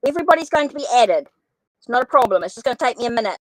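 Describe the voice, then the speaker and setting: Female tarot streamer, higher voice, dry close sound, scattered and apologetic. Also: expressive, racing, dry recording, poor audio. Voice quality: says she has a funny accent. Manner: flustered, apologetic, thinks aloud while typing names. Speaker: tarot reader hosting a live stream. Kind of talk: casual live-stream chat.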